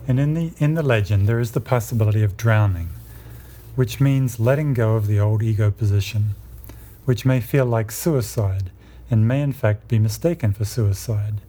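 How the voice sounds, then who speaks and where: Husky, dark-voiced man lecturing calmly. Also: on the low side. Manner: measured, explanatory. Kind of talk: lecture on myth and psychology.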